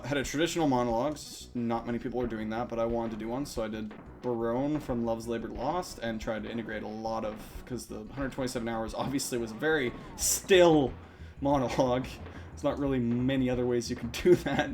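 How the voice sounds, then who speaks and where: Young male streamer, mid-pitched, loose chatty talk, frequent swearing, faint game music under. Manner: rambling, swears often. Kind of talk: casual chat while playing.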